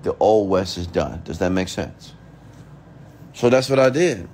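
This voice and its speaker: A male motivational speaker launches into an emphatic rant, repeating himself, firing off rhetorical questions, and swearing casually. His low, slightly mellow voice is animated yet measured in pace, with a little background noise.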